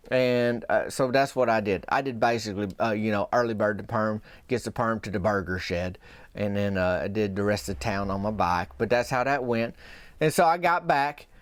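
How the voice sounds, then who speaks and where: A man's voice: mid-range voice, smooth, no echo. Folksy Southern man rambling a story. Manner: folksy, meandering, trails off and restarts. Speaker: podcast host.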